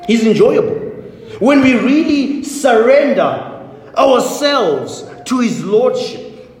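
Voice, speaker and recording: A man's voice: very high voice, animated, takes it slowly. A man preaching a sermon as pastor, with emphatic, repetitive declarations. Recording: echoey hall, faint ambience.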